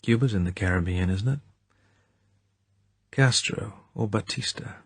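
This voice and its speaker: A man's voice: lowish voice, a little slow, creaky, husky, no echo, heavily acted. A man voicing a cool, needling male British secret agent with a dry, probing manner.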